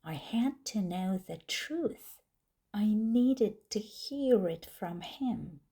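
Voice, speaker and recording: Woman reading a story super slow for english learners, husky creaky voice. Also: mid-range voice, lively intonation, mellow. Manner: slow, clear, deliberate reading. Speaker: narrator.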